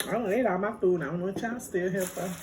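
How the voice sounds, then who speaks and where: A woman vlogger chatting casually while eating, playful and quick to laugh. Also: mid-range voice. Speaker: mukbang vlogger. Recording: noisy home recording.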